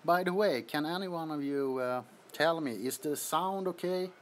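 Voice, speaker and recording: Sweaty from the heat, a man hosts a casual livestream from his apartment bedroom, recorded on a phone with slight background noise. He speaks at a moderate pace in a voice on the high side, greeting viewers and laughing frequently.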